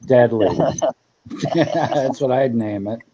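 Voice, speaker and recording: A man's voice: medium pitch, slow. A man hosting a casual livestream chat, joking with viewers and laughing often. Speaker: host. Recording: dull lo-fi stream audio with faint noise.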